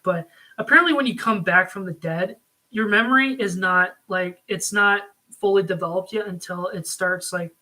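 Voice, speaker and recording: A man's voice: sits high, bright, forceful tone, low-quality recording. A man giving a casual spoken review, rambling with frequent ums and likes. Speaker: video reviewer.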